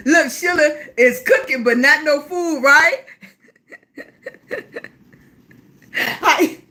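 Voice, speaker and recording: A high, bright-voiced middle-aged woman chats through a casual livestream. She talks freely and affectionately to her viewers, calling them baby, with an occasional cough breaking in. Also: drawn-out words. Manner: talkative, warm-hearted, calls viewers baby. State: coughing at times. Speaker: livestream host.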